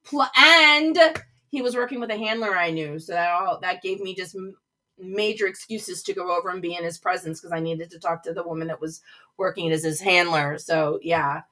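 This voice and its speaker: A middle-aged woman hosts a live show from her home office, with a bright, forceful voice. She chats casually and gushes, reading out and answering viewers' comments as she goes. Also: lowish voice, normal speed. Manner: gushing, chatty, reads out chat comments. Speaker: host of a livestream show.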